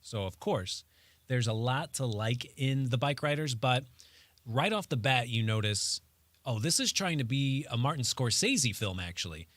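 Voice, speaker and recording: A man's voice: medium pitch, expressive, moderate pace, a bit bright, no echo. A young man, a radio show producer, reviewing a movie in a casual, joking, wry way. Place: radio studio.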